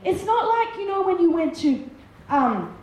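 A woman delivers an emphatic sermon in a high voice, lingering slowly over each phrase and repeating words for force. Her voice rings through a strongly echoing hall with a faint hum of ambience behind it. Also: very animated, darkish tone. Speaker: preacher. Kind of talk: sermon with Bible reading. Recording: echoey room with faint ambience.

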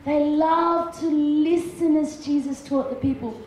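A woman's voice: high-pitched, steady tone, measured pace, darkish tone, slight background noise. A woman preacher giving a sermon with Bible readings, emphatic and repeating words for effect. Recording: echoey room with faint ambience.

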